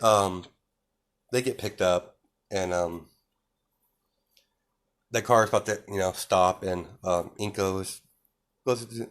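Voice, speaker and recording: A man with a very deep voice tells an improvised fan story off the cuff. He rambles along, stumbling through fillers and correcting himself as he goes. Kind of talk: improvised fan fiction narration.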